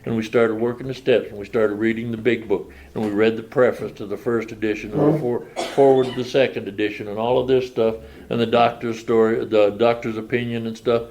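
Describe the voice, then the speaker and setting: A man's voice: medium pitch, level tone, fairly quick, hardly any pauses, darkish tone. Older man telling his story plainly. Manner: plain-spoken storytelling, folksy grammar. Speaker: recovery meeting speaker. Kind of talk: personal testimony at a meeting. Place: meeting room.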